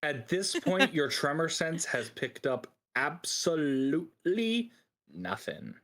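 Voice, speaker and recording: Man, game master, tabletop game narration, slightly high voice, laughs often. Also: very animated, slow pace, fairly bright tone. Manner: laughs often, talks through rules on the fly.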